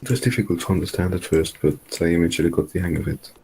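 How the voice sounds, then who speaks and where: A man with a very low voice chats casually, keeping his replies short and low-key. A faint noise sits behind his voice. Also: fairly even intonation, very fast, vocal fry, warm tone. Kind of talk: casual chat.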